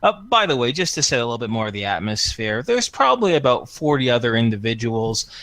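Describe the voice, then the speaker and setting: A man's voice: mid-range voice, big pitch swings, fairly bright tone. A man narrating scenes as game master of a tabletop game, descriptive and full of fillers. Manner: descriptive, filler-heavy, unhurried.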